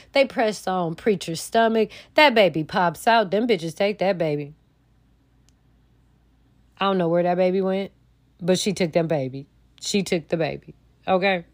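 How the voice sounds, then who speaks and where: A young woman, hosting a podcast and recapping a TV episode in an animated, slangy way, straight to her listeners. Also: fairly low pitch, no echo. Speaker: podcast host recapping a TV show. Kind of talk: casual recap monologue.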